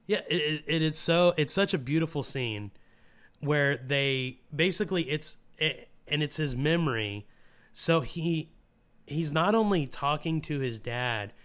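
A man in a casual podcast chat, his voice smooth and clear at a middling pitch. He talks with warm enthusiasm, stumbling through restarts and fillers as he gets caught up in feeling. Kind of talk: casual film discussion.

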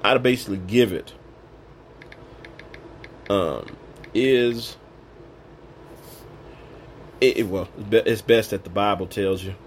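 A man's voice: on the low side, takes it slowly, long pauses, a little hiss or hum. A man giving an informal sermon, preaching in an emphatic, colloquial way. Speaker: Bible teacher.

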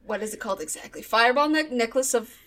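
A woman's voice: a little high, fast talker, a bit bright. A woman playing a tabletop game, casually describing an item while searching for words. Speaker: player. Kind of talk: casual chat, tabletop role-play.

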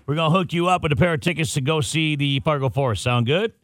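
A man's voice: on the high side, fast, no echo. A man hosting a morning radio show, running a quiz and teasing his co-host in studio banter. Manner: joking, teasing.

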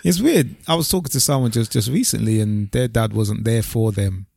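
A man talks casually on a podcast, slow to make his point and sprinkling in slang. His voice sits low, gravelly and a little husky. The sound is dry and close. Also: dry recording. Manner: relaxed and reflective, with slang like "bruv". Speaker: podcast co-host. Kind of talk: casual chat.

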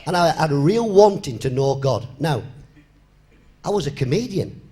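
A man in his fifties tells a personal story on stage with a lively voice that swings up and down in pitch. He sits a little high for a man, and he slips in and out of the other people in the story as he acts out their lines. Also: normal speed. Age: 50s. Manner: animated storyteller, acting out both sides of dialogues. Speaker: comedian giving a testimony on stage. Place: live venue before an audience.

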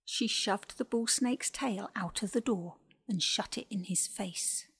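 A woman reading a scripted children's animal story slowly and gently. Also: mid-range voice, vocal fry, breathy edge.

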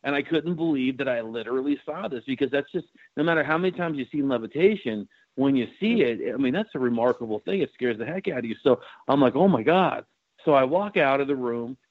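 A man's voice: mid-range voice, animated, fast talker, no room sound. Man, paranormal investigator, casual storytelling, fillers and restarts, dry muffled recording. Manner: rambling, many fillers and restarts.

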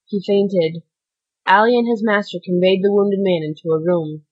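A woman narrating a classic novel as an audiobook in a steady, even way. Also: medium pitch, normal speed, lo-fi sound.

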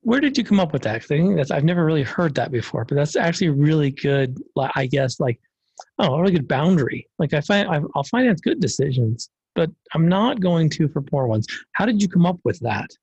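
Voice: medium pitch, big pitch swings, a little fast, a little mellow, breathy edge, no echo. An interview host and coach asking supportive questions and affirming the guest often. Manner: affirming, frequent short agreements. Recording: dry, dull lo-fi sound.

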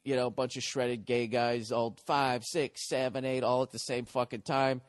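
A man's voice: mid-range voice, little pitch movement, moderate pace, dry recording, clean studio sound. A middle-aged man hosting a podcast, telling a rambling, profane comedic rant. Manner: profane, ranting. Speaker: podcast host.

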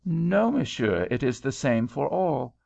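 A man reads as a proud, easily offended Frenchman, his voice lifted well above a plain speaking tone and bristling with formality. The gravelly reading comes through a dull lo-fi recording. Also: medium pitch, big pitch swings, a little slow, darkish tone, voice pushed up, heavily acted. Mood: knowing. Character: indignant patriotic middle-aged Frenchman.

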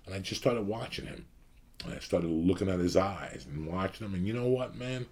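A man's voice: low-pitched, animated, brisk, a little mellow, breathy edge. A man in his fifties from the New York area, hosting his show with a blunt, profane rant to his audience. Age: 50s. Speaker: podcast host.

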